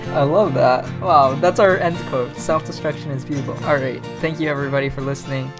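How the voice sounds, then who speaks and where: A male podcast host with a gravelly, fry-laden voice at a middle pitch. He chats casually and playfully, laughing often and filling gaps with "you know" and "uh". Faint music sits behind him. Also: fairly even intonation, fairly quick. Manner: playful, laughing, lots of fillers. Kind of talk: casual chat.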